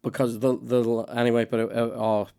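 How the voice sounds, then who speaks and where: A man hosting a podcast, chatting casually and rambling from one story to the next. He swears a lot, loses his thread, and breaks off now and then to cough. His voice sits at an ordinary middle pitch. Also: level tone, normal speed, warm tone, clear, resonant tone. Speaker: podcast host. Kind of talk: casual chat.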